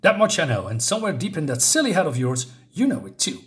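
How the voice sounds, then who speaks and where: A man reading aloud the lines of a smug, manipulative male cat from a comic, in a fairly high voice. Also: sing-song, fast, a bit bright.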